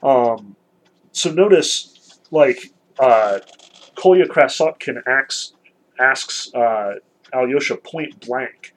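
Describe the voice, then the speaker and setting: A man's voice: mid-range voice, animated, very slow, poor audio. A man giving a conversational literature lecture, explaining with frequent "um" and "you know".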